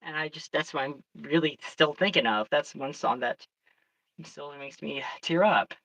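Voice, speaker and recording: A storyteller chatting casually on a livestream, excitable and rambling, often restarting sentences. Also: medium pitch, moderate pace, rough recording.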